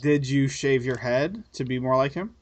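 A man hosting a podcast, teasing his co-host in quick casual banter. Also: mid-range voice. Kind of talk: casual chat.

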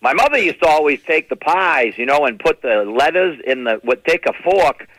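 Animated New England man telling family stories. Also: a little high, moderate pace, dry recording, rough recording. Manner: animated, slips into impressions of relatives. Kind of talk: stand-up comedy storytelling.

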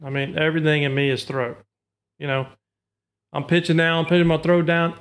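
A man's voice: on the high side, fairly even intonation, moderate pace, a bit bright. A man in casual talk, patiently explaining duck-call technique step by step. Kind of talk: casual instructional chat.

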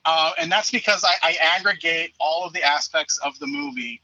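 A man's voice: a little high, moderate pace, sharp tone, dry recording, highs cut off. A man calling in as the show's movie reviewer, talking casually and stumbling over repeated words, with some swearing. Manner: hesitant, repeats words, profane. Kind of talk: casual call-in chat.

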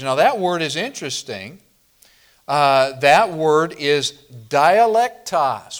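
A man's voice: mid-range voice, fairly bright tone. A man from the northern Midwest of the US preaching a sermon, a pastor who teaches verse by verse and asks the congregation questions.

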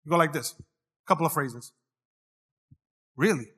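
A man's voice: high voice, animated, moderate pace, sharp tone. A man preaching a sermon, joking with the crowd and swinging into singsong rises. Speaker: pastor. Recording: long hall reverb.

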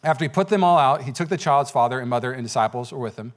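A man's voice: mid-range voice, lively intonation, rapid-fire. A man preaching a sermon as pastor in a church, talking conversationally with frequent "okay?" asides. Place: church sanctuary.

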